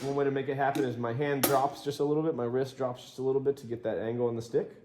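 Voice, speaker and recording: A medium-pitched man talks fast during a laid-back drum lesson, explaining and counting beats aloud as he plays. Loud music sits behind his voice in a roomy studio full of loud drums.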